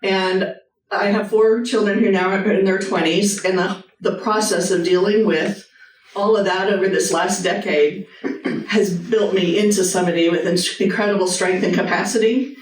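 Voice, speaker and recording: A woman's voice: medium pitch, steady tone, normal speed, distant mic. A woman, a surgeon giving an earnest, personal motivational talk with a short guided meditation to a live audience. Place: hospital hall with a live audience. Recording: echoey hall, voice from off the mic.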